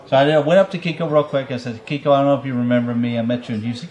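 A man's voice: mid-range voice, very fast, a little mellow, dull audio. A man casually telling a long story on a podcast, rambling, swearing and laughing often.

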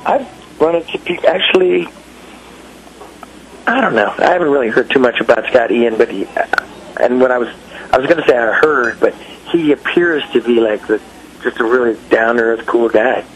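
A middle-aged man telling stories in casual chat, animated, acting out quotes in raised voices. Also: mid-range voice, moderate pace, a little hiss or hum, poor audio. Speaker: guest musician.

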